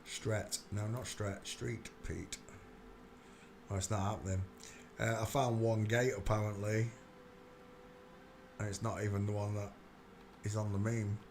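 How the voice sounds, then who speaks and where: A man's voice: lowish voice, steady tone, a little slow, long pauses, background noise. A man hosting a livestream, muttering to himself as he clicks through searches in casual commentary. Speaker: livestream host. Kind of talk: casual live-stream commentary.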